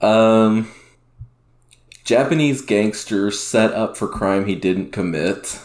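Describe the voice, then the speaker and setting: A man's voice: lowish voice, slow pace, a little mellow. A man hosting a casual gaming podcast, reading listener questions in an easygoing way. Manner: easygoing, laughs often. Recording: roomy echoey room.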